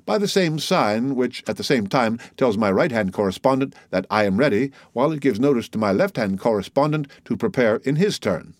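A man's voice: medium pitch, animated, a little fast, hardly any pauses, no room sound, close to an everyday voice. A man voicing a humble middle-aged telegraph keeper who is earnest, timid and respectful, in an audiobook reading. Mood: explaining. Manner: eager, anxious, respectful.

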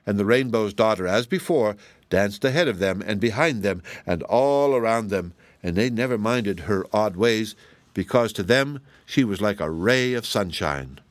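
A man reading a children's storybook aloud as a calm, measured audiobook narrator. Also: on the low side, no echo. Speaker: audiobook reader.

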